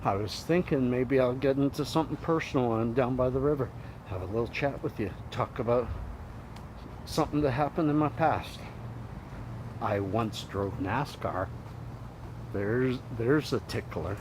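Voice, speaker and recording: A man's voice: medium pitch, normal speed. Rambling middle-aged man vlogging outdoors. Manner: rambling, laid-back, self-deprecating. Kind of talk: casual vlog monologue while walking. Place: outdoors walking toward a river. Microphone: phone camera. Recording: outdoor phone recording with traffic noise.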